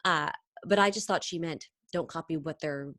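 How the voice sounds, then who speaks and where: A woman singer chatting in an interview, telling stories quickly and animatedly, full of tangents. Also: low voice, dry recording, clean studio sound. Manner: fast, animated storytelling with tangents and laughs. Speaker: singer and impressionist, interview guest. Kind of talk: casual interview chat.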